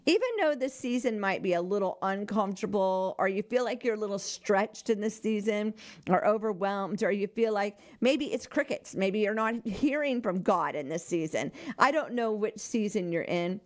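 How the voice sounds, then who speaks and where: Older female radio host, mid-range voice, warm devotional chat with frequent laughs. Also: medium pitch, animated, moderate pace. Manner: chatty, laughs often, earnest.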